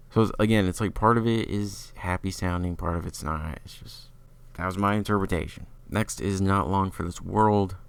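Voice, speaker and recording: A man's voice: low voice, fairly even intonation, moderate pace, vocal fry, clean tone. A man giving a casual, opinionated music review, talking loosely with lots of fillers. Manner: opinionated, chatty, filler-heavy.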